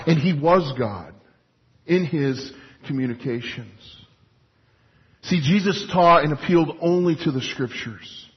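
A pastor preaching a sermon in an animated, emphatic, conversational way with frequent restarts. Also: male voice, on the high side, husky. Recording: dull lo-fi recording.

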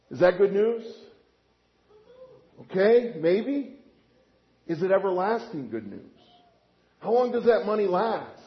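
A man preaching a sermon as pastor, asking rhetorical questions and swinging between quiet and loud. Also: high-pitched, slow, pauses often, dull audio. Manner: lively, rhetorical questions, animated swings in volume.

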